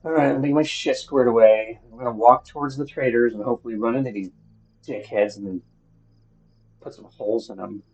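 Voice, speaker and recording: A man's voice: medium pitch, steady tone, a little fast, a little mellow, muffled recording. A man talking to himself while playing a survival game, grumbling and swearing at what happens on screen. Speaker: gaming streamer. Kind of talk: solo gameplay commentary.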